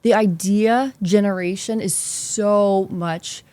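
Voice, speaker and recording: A young woman with a Boston accent telling her career story as a guest, animated and quick in bursts with filler words. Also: medium pitch, dry recording. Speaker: investment specialist guest. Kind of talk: casual interview storytelling.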